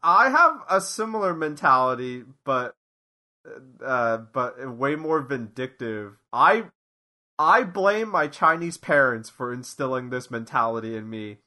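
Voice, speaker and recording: A man's voice: medium pitch, big pitch swings, measured pace, sharp tone. A man hosting a casual podcast, ranting and swearing freely as he gives advice. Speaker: podcast host.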